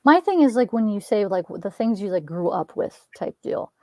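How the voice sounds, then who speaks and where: A woman's voice: mid-range voice, very animated, normal speed, a little mellow, dry recording. A woman in her thirties in a casual chat, rambling and chatty, laughing and swearing. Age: 30s. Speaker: co-host.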